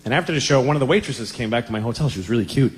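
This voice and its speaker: Male stand-up, forties, lively pitch, raunchy confessional rambler. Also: racing, in a large hall. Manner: crude, self-deprecating, rambling confessional. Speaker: stand-up comedian. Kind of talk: stand-up routine.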